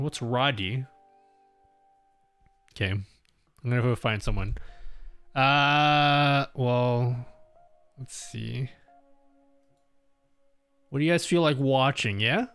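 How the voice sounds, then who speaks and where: A man's voice: a little high, fairly bright tone. A young Australian man hosting a casual livestream, rambling to his viewers with lots of fillers and restarts. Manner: rambling, self-interrupting with many fillers. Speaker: livestream host. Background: faint music.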